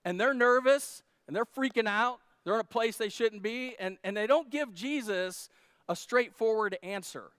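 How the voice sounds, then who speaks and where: A man's voice: high voice, normal speed, a bit bright, smooth, no echo, studio quality. A male pastor preaching a sermon at a church service in a joking, conversational way.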